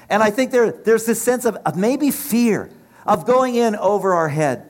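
A man's voice: high voice, animated, slow, pauses often. A middle-aged man preaching a sermon with impassioned, rhythmic delivery and repeated phrases.

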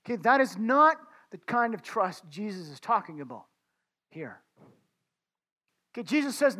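A man's voice: sits high, very animated, moderate pace, pauses often, sharp tone. A man preaching a conversational sermon, talking informally to his listeners as friends and often restarting his words.

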